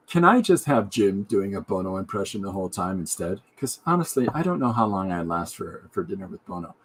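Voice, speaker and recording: A man's voice: low voice, big pitch swings, fairly quick, few pauses, breathy edge. A man hosting his own podcast, chatting casually and jokily while he draws a comic. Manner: rambling, jokey asides. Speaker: podcast host and comic artist. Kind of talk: casual chat while drawing.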